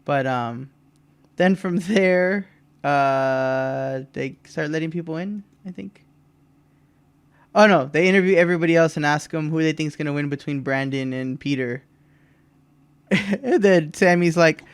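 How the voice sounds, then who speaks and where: A man's voice: on the high side, normal speed, clear, resonant tone, dry recording. A man co-hosting a podcast, casually recapping a wrestling show and acting out the wrestlers' lines between laughs. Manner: animated retelling, mimics wrestlers' lines with laughs. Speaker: podcast co-host.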